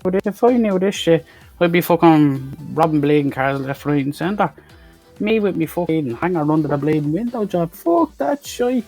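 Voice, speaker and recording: A man's voice: fairly high pitch, normal speed, darkish tone, soft background music. A man recapping a film in a rambling, sweary, sarcastic way. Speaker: film reviewer. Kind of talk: profane comedic movie recap.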